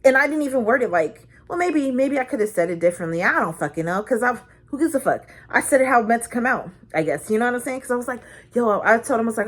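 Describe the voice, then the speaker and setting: A woman with a slightly high voice gives a casual tarot reading. She rambles through stories in slangy talk and swears freely. She slows down when she reads the card messages aloud. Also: expressive. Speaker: tarot reader.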